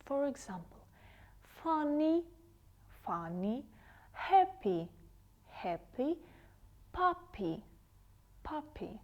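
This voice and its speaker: A woman English teacher giving a TV lesson to children, saying each word slowly and carefully and repeating it twice. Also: high voice, very animated, highs cut off.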